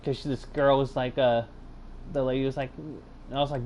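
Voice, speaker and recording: A man's voice: medium pitch, fairly quick, a little hiss or hum. A young man telling his own stories casually, rambling and hesitant, with lots of fillers and restarts. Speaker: channel host recounting personal stories. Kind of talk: casual storytelling.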